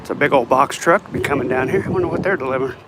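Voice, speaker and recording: This is a casual walking vlog: a man with a mid-range voice speaks rapid-fire to viewers as he heads down a residential street, rambling and chatty. Tired and yawning, he talks over the sound of passing cars and traffic.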